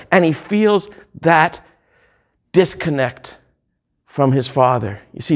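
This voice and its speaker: A man preaching a sermon, reading hymn lyrics and scripture aloud in slow, drawn-out phrases. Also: fairly high pitch.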